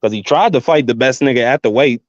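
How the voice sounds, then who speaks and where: A man's voice: mid-range voice, fast talker, no echo. A man from the US Virgin Islands talking bluntly and profanely in a casual chat. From US Virgin Islands (Saint Croix). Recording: dull lo-fi audio.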